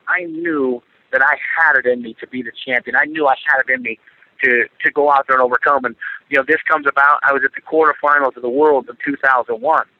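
A middle-aged man being interviewed, talking earnestly with lots of fillers and repetitions. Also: mid-range voice. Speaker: interview guest, former Olympic wrestler. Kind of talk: casual interview talk. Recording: dry tinny phone line.

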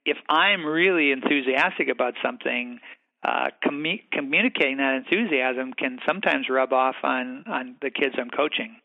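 A man's voice: mid-range voice, moderate pace, creaky. A man hosting a phone interview, talking in a reflective, easygoing way. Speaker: interview host. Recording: tinny phone line.

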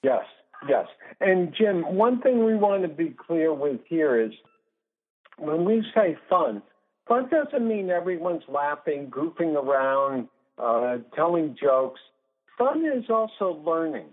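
A man's voice: fairly high pitch, very animated, slow pace. A man in his sixties, a guest sports psychologist in a phone interview, talking emphatically and laying out numbered points. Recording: tinny phone line.

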